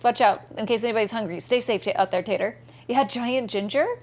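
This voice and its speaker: Bubbly woman streamer, higher voice. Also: fast talker, darkish tone. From American Southeast. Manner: chatty, bubbly, reads chat messages aloud and answers viewers. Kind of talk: casual live-stream chat while gaming.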